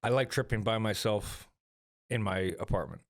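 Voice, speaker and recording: Laid-back low-voiced male podcast guest. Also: normal speed. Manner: laid-back, frequent agreeing and cursing. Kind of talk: casual chat.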